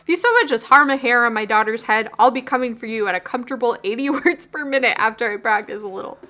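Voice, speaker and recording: An earnest, protective middle-aged dad with a dorky, heartfelt way of talking, as a woman reads him. The voice stays close to her own, bright and slightly high. He is sentimental and goofy in a game-dialogue reading. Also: quick pace.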